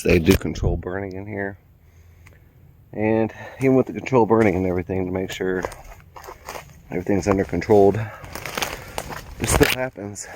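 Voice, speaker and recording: A lower-pitched man rambles and muses as he walks through the woods. He talks to a handheld camera, and a faint outdoor hum sits behind him. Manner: rambling, musing. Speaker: vlogger. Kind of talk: casual outdoor vlog.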